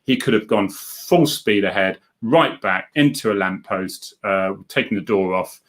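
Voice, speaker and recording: A man's voice: lowish voice, measured pace, a bit bright. A middle-aged man, a former police officer, hosts a casual live stream, chatting and joking as he reads out viewer comments.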